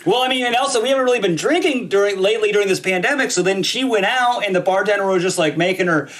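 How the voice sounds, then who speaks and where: A young man co-hosting a casual podcast chat over a video call, animated and acting out what others said. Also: high-pitched, fast talker. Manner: animated, acts out quoted voices. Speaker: podcast co-host.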